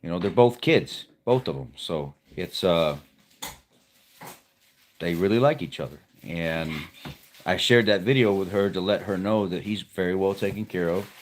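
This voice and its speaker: A man's voice: sits low, normal speed, a little hiss or hum. A man hosting a livestream from home, telling a rambling, heartfelt story to his viewers in a casual, folksy way. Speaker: livestream host. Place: at home with pets nearby.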